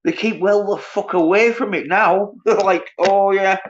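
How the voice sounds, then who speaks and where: A man's voice: high voice, normal speed. A man, ranting scornfully and profanely on a casual livestream while reading viewers' comments. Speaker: livestream host. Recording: dull lo-fi sound.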